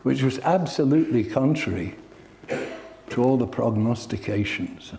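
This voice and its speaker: A man's voice: medium pitch, lively intonation, normal speed, gravelly, warm tone, a little hiss or hum. A man preaching a sermon, telling stories in an earnest, heartfelt way.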